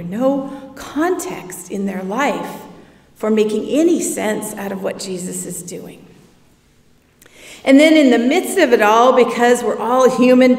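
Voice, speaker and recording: Woman pastor, gentle conversational sermon, slightly high voice, long church reverb. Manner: reflective, conversational preaching. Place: church sanctuary. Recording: echoey church hall, from far off.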